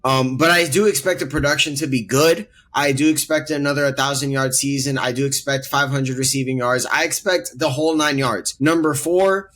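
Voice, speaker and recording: A man's voice: medium pitch, fairly even intonation, normal speed, few pauses, fairly bright tone. A man co-hosting a casual sports debate podcast, earnestly laying out his rankings with emphatic repetition. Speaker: podcast co-host.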